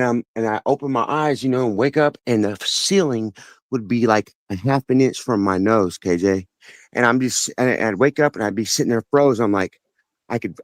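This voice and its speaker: A man's voice: medium pitch, no room sound. A man calling in to a talk show, telling a long personal story in an earnest, rambling way with many restarts. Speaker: caller. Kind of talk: casual phone-in storytelling.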